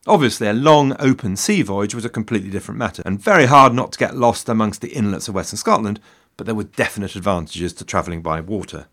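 A man's voice: fairly low pitch, quick pace, a bit bright. Wry man narrating history. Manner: wry, dry humor with self-deprecating asides. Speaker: history podcast host. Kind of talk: scripted narration with asides.

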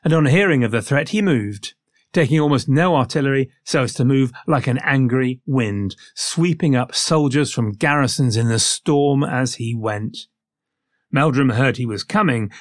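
A man tells history like a story, his pitch swinging up and down as he goes. He drops cheeky, irreverent asides between the facts. The sound is dry and close, with no room echo. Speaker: history podcast host.

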